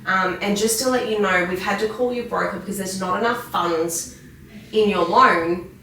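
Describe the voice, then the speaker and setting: An Australian woman and mortgage broker telling a lively anecdote in casual podcast chat, acting out the people in her story. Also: medium pitch, normal speed, a little hiss or hum. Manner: lively storyteller who acts out the other people in her stories. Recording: echoey room, distant mic.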